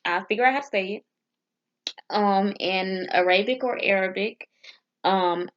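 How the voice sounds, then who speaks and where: A woman's voice: on the high side, slow pace, dull audio. A woman vlogger chatting casually as she practices phrases, hesitant and stumbling over foreign words. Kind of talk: casual study vlog.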